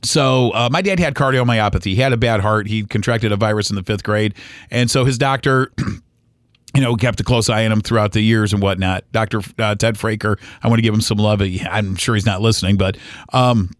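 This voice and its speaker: A man in his forties, a podcast host telling a personal story in an earnest, halting way with many fillers and restarts. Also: fairly low pitch, no room sound, studio quality. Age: 40s.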